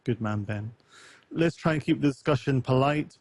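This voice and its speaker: A man co-hosting a casual podcast, wandering through his thoughts with plenty of ums and dropping wry remarks. His voice sits at an average pitch. It is recorded close and dry, with no room sound. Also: normal speed, darkish tone, no echo. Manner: rambling, many ums, reads a post aloud with wry asides. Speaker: podcast co-host.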